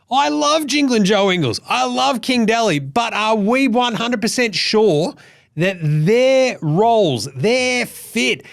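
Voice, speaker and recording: An Australian man hosting a sports show, ranting loudly and swearing in a casual, animated way. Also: sits high, creaky. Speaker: host.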